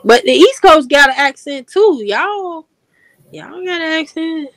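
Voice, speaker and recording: A woman from Chicago with a Chicago accent, chatting casually in an animated way, often trailing off mid-thought. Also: high voice, a little slow, no room sound. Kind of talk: casual chat.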